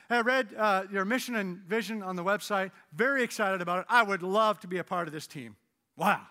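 A man preaching a sermon as pastor, conversational and joking, then dropping into low solemn emphasis. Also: pushed and bright, big-room sound. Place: church hall with audience.

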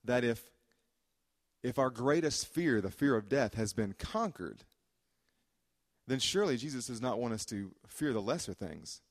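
A man's voice: medium pitch, expressive, measured pace, long pauses. A man preaching a sermon as a pastor, conversational and joking, with frequent "uh" fillers. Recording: long hall reverb.

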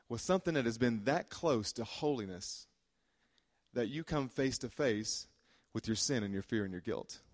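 A man preaching a sermon as a pastor, conversational and joking, with frequent "uh" fillers. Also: medium pitch. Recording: long hall reverb.

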